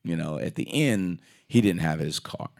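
A deep-voiced man with a gravelly edge chats through a film's plot, rambling and animated. He keeps breaking into quick quoted voices and starts his sentences over. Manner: rambling, animated retelling with acted quotes and restarts. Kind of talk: casual movie recap chat.

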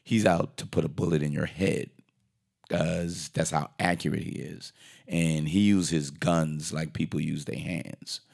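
A man casually retelling a movie plot in a rambling, animated way, slipping into quoted voices and restarting his sentences. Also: rumbling low, a little slow, gravelly. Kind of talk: casual movie recap chat.

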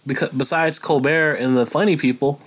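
A man's voice: on the high side, fairly even intonation, a little fast, a bit bright. A man in a casual political chat, laid-back and working through his points with plenty of fillers. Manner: laid-back, reasoning things out with many fillers.

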